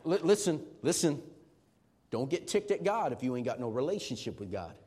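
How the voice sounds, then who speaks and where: A middle-aged man preaching a sermon as pastor, emphatic and swinging from shouting to hushed tones. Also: medium pitch, sing-song, normal speed, breathy edge.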